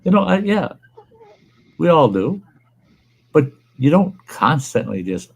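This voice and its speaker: Gravelly older man, blunt. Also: on the high side, very animated, slow pace, long pauses, rough recording. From Upper Midwest US. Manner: blunt, plainspoken, swears freely. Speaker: livestream host. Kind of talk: casual chat.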